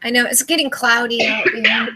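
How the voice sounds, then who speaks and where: A woman's voice: fairly high pitch, fairly even intonation, brisk, pushed and bright, husky. A woman co-hosting an online call-in chat, speaking plainly and reading numbers aloud. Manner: plain, reads coordinates aloud. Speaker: call co-host. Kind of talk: casual group call chat.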